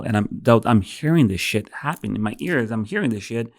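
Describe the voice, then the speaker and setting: A man's voice: fairly low pitch, fairly quick, few pauses, darkish tone, no room sound, clean studio sound. A man in his thirties, a podcast guest, telling an emotional story, acting out dialogue and swearing freely. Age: 30s.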